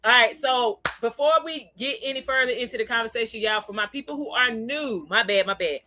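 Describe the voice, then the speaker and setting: A woman hosts a casual livestream and speaks. Her voice is bright and sits a touch high. She greets her viewers by name as she chats and laughs easily. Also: fairly quick, no room sound. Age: adult, parent of a young child. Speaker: livestream host.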